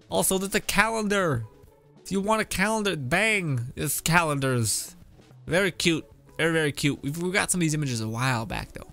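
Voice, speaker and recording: Gaming streamer, man, slightly high voice, wry and chatty, laughs between thoughts. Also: a bit bright. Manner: chuckles often, wry and rambling. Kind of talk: casual commentary on a game update.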